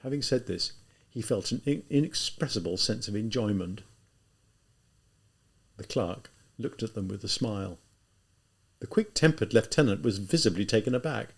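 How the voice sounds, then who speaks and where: A man narrating a classic novel as an audiobook, in an expressive storytelling manner. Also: on the low side, moderate pace, creaky.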